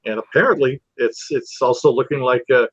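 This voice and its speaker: A man hosting a relaxed boxing recap show, talking in an easygoing way with lots of fillers. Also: medium pitch, brisk, slightly rough, no room sound. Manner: easygoing, filler-heavy, agreeable. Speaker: podcast host. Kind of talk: casual boxing recap chat. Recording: dull dry lo-fi sound.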